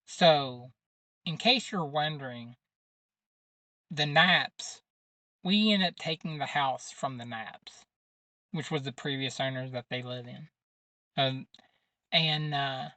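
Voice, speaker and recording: A man's voice: on the high side, slow pace, long pauses, bright, forceful tone, dry recording. A man hosting a podcast, casually recapping a movie's plot in a rambling way, with lots of fillers and informal grammar. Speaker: podcast host.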